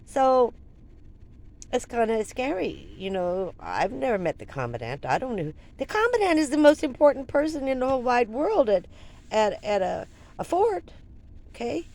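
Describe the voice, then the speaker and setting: An older woman vlogger telling a personal story in an animated, rambling way, full of restarts and asides. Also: on the high side, moderate pace.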